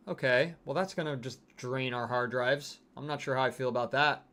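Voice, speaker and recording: A man's voice: medium pitch, moderate pace, few pauses, bright, forceful tone. A man hosting a game livestream, chatting casually and reading out viewer comments. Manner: chatty, reacting to game skins and chat. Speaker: livestream host.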